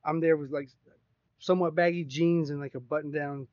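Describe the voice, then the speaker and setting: A male podcast co-host tells a rambling, profane story in a casual, animated way. His voice is fairly high and fairly quick, and the recording is dry and slightly dull.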